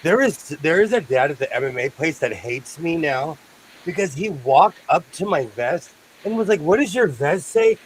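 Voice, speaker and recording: A man's voice: a little high, animated, normal speed, slight background noise, rough recording. An American man chatting casually with friends, projecting his voice and laughing often. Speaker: podcast co-host. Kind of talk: casual group chat.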